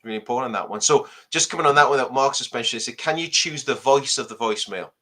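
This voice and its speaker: A man's voice: mid-range voice, fast, bright, forceful tone. A man from Newcastle with a Geordie accent, hosting a podcast and making his points emphatically. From Newcastle, England. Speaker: podcast host. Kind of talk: casual podcast chat.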